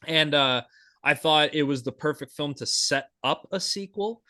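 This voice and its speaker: A young man on the high side, with a sharp tone and measured pace, co-hosts a podcast. He rambles casually and enthusiastically, dropping fillers and restarting often. Studio-quality audio without room sound.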